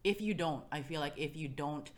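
Low-voiced woman giving motivational talk. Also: normal speed. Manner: earnest, motivational, frequent "you know what I mean". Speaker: podcast guest. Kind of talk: casual podcast chat.

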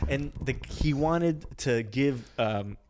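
A young man co-hosting a podcast, telling a story in a rambling, animated way and acting out other people's lines. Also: mid-range voice, slow. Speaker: podcast co-host. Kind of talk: casual storytelling chat.

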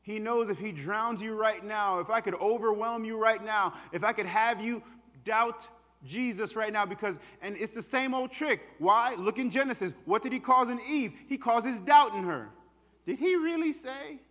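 A man's voice: high voice, moderate pace, a bit bright. A male pastor preaching a sermon in a passionate, casual, colloquial way, in a hall with a long echo.

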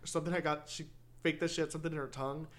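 Chatty, expressive young man, light voice. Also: on the high side, rapid-fire, noisy background. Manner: chatty and expressive, with mimicked exclamations. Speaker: podcast co-host. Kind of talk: casual chat.

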